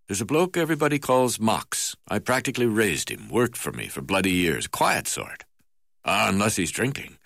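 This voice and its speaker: A man's voice: low voice, fairly bright tone, dry recording, clean studio sound, exaggerated voice. A man reading an audiobook voices a crusty, hard-drinking older male magistrate with coarse, blustering talk. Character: crusty old male colonial magistrate, boozy and gruff.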